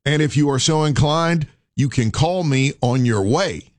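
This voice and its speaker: A man's voice: fairly high pitch, a little slow, no echo, studio quality. A man hosting a radio show, urging listeners with preacher-like repetition. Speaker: radio host. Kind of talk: morning radio talk.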